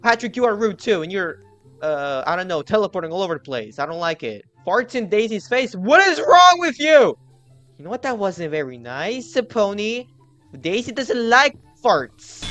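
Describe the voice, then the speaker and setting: A man hosting a gaming channel, giving excited gameplay commentary while taunting the other players and often yelling. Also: sits high, takes it slowly, soft background music.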